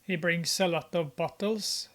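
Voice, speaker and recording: A man with a fairly high voice talks over a movie at an unhurried pace. His commentary is casual and sarcastic, mocking what he sees with plenty of hesitant "uh" fillers. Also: fairly even intonation, a bit bright. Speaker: movie reviewer.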